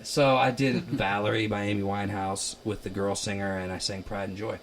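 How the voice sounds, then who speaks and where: A young man from Ohio, a musician guest, telling stories in a casual chat, animated and laughing, loudly acting out quotes. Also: lowish voice, a little fast, a little hiss or hum. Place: basement.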